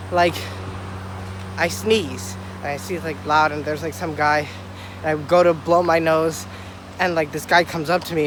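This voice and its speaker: Sick, breathless young man vlogging outdoors. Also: fairly high pitch. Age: young adult. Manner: excitable, rambling and profane. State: sick with a stuffy nose. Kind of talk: casual walking vlog. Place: outdoors on a city street. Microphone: phone held at arm's length. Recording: faint outdoor traffic noise. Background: faint street and traffic sounds.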